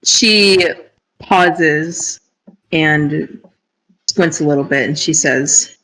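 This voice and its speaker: A player in a tabletop game, describing their character's actions slowly and laughing often. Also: medium pitch, sharp tone, rough recording.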